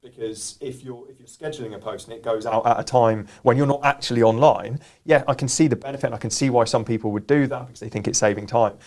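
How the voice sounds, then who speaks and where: A man's voice: mid-range voice, steady tone, quick pace, few pauses, darkish tone. A man co-hosting a business live show, explaining earnestly and often restarting his words. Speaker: co-host. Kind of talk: casual business chat.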